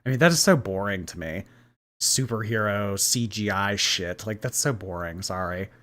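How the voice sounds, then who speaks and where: A man's voice: fairly low pitch, lively intonation, normal speed, fairly bright tone. A man hosting a casual livestream, reading and answering viewer chat in a gossipy way and laughing often.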